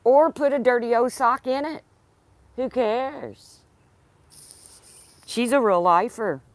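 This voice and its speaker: A woman's voice: a little high, slow pace, no echo. A woman chatting casually on a livestream, rambling and talking to her dog. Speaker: livestream host.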